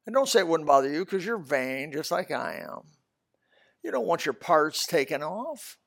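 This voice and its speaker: Older man preaching with loud bursts. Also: a little high, very animated, normal speed, creaky. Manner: storytelling with loud bursts and sudden soft asides. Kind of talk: sermon.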